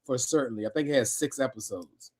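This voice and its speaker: A man's voice: medium pitch, fast, slightly rough. A man co-hosting a casual live stream with his wife, reading viewer comments aloud and laughing often. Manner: relaxed, laughs often, reads chat aloud. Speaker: co-host of a live review show.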